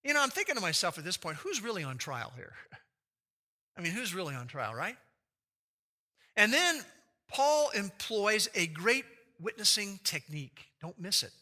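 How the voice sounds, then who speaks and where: A pastor preaches an expository sermon at a measured pace, unpacking scripture and asking his listeners rhetorical questions. His high, very animated voice acts out quoted speech with big swings in loudness.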